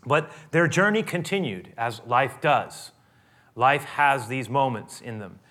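A man preaching a sermon in a conversational way, often rising into animated, loud outbursts. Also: medium pitch, takes it slowly. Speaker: pastor.

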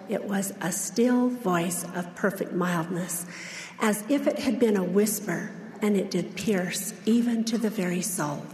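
A woman delivering a sermon as a church speaker, in a measured, gentle way. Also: mid-range voice, a little hiss or hum. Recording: echoey large hall.

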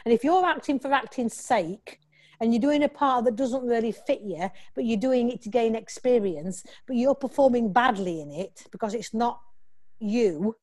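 Woman, slightly high pitch; talkative actress, animated storyteller prone to restarts. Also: moderate pace. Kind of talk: casual interview.

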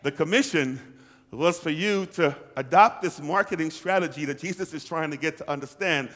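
A man's voice: fairly high pitch, normal speed, fairly bright tone, in a large hall. A pastor preaching a sermon to his congregation, calling for responses and repeating lines for emphasis. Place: church hall.

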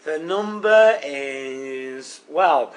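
A man's voice: on the high side, animated, very slow. A man co-hosting a comedy podcast with joking asides. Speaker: podcast co-host. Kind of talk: casual comedy banter.

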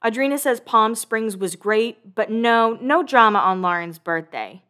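With a fairly high, expressive, sharp-toned voice, this woman in her thirties hosts a podcast recapping a reality show. The talk is chatty and gossipy, and she mimics cast members in quick bursts, cursing freely.

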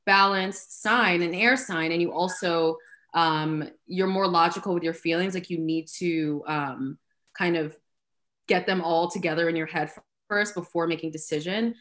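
A woman's voice: on the low side, normal speed, fairly bright tone. A woman astrologer explaining birth chart placements in casual chat, earnest and full of likes and ums. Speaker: astrologer guest.

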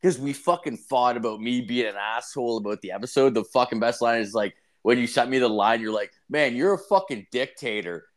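A man's voice: mid-range voice, fairly quick, hardly any pauses. Rambling foul-mouthed young man. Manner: rambling, swears constantly, acts out quotes in raised voice. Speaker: podcast co-host. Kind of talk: casual profane chat.

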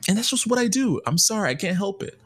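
A young man hosting a podcast in a casual, joking monologue, full of slang and animated storytelling. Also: high voice, quick pace, no echo. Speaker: podcast host.

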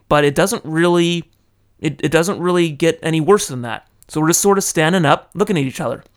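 A man from California, animated and dramatic, telling a personal story into a close microphone. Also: on the high side. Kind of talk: casual storytelling monologue. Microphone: close studio microphone.

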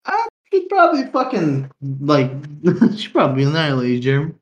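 A man's voice: on the high side, wildly swooping pitch, brisk, roomy sound, lo-fi sound. A young man co-hosting a casual, unplanned podcast, rambling in slang, swearing freely and laughing often. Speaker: podcast co-host.

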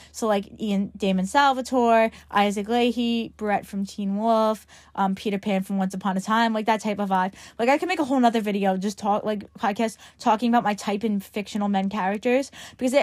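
Recorded dry with studio quality, a mid-range female voice belongs to a teenage podcaster from Long Island, New York. She rambles casually, filling her speech with "like" throughout.

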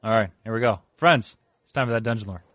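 A man's voice: on the low side, fairly bright tone, dry recording. A man co-hosting a casual comedy podcast, goofy and bantering with his partner. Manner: goofy, bantering, quick to laugh. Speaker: podcast co-host.

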